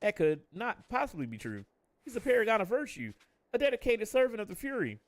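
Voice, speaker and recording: A man's voice: high-pitched, sing-song, fairly quick, no room sound, voice pushed up. A man reading out the lines of an indignant, loyal wounded knight from a game, with an offended, dismissive tone. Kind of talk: reading game dialogue aloud.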